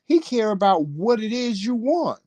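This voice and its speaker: A man's voice: high-pitched, big pitch swings, moderate pace, darkish tone, dry recording, muffled recording. A man in casual chat, talking animatedly in a preachy way and swearing freely. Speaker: co-host.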